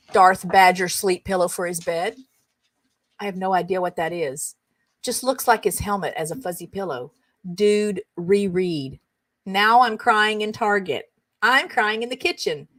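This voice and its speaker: A woman's voice: mid-range voice, fairly bright tone, no echo. A woman hosting a casual show, reading funny text messages aloud and chatting about them in an amused way. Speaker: host of a comedy roundup show.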